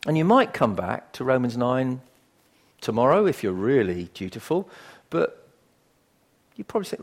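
Gravelly older male preacher. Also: medium pitch, wildly swooping pitch, moderate pace, long pauses. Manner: conversational, emphatic, swings from quiet asides to loud bursts. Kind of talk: sermon.

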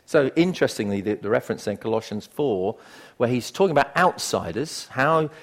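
An older man preaching a sermon in a conversational, emphatic way, swinging from quiet asides to loud bursts. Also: medium pitch, animated, brisk.

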